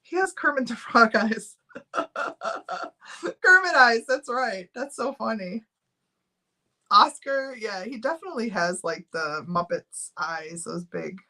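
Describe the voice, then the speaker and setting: A woman's voice: a little high, lively intonation, takes it slowly, long pauses, sharp tone. A middle-aged woman chatting casually on a live stream, giggling often and reading out viewer names while she runs a giveaway.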